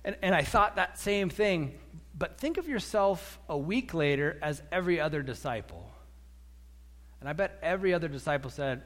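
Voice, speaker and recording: A man preaching a sermon as a pastor, animated, acting out quotes and repeating words as he goes. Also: on the high side, a little slow. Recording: echoey hall.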